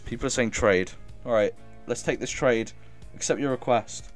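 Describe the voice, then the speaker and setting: A man streaming a game live, reading chat aloud and thanking viewers with excitable energy, coughing now and then as if ill. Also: mid-range voice, normal speed, faint music behind.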